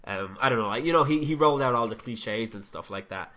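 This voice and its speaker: A man's voice: medium pitch, fairly quick, dull audio. A young man ranting and swearing his way through casual podcast chat. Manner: swears a lot, ranting and animated. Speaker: podcast co-host.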